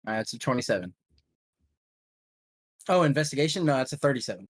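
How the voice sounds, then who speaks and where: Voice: mid-range voice, animated, fast talker. Reactive, laughing tabletop player. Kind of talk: casual tabletop game play.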